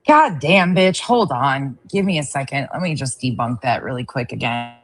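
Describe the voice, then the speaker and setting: A woman's voice: extremely low pitch, lively intonation, normal speed. A woman hosting a casual commentary show, reacting to stream clips in a sarcastic, profane and mocking way. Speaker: host.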